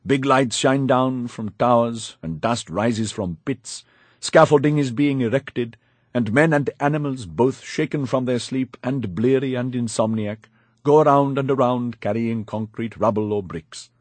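A man's voice: mid-range voice, a little slow, no room sound. A man narrating a first-person audiobook in a wry, confiding storytelling manner, on a close studio mic.

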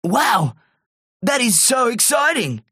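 Woman voicing an eager young boy, squeaky and high, excited, dry close sound. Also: slow, slightly rough, no echo, full character voice.

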